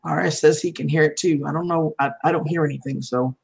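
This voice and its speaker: On a roughly recorded livestream, a woman with a deep, creaky, husky voice talks fast and keeps her tone steady. She chats casually and laughs a lot, though her voice is starting to wear out.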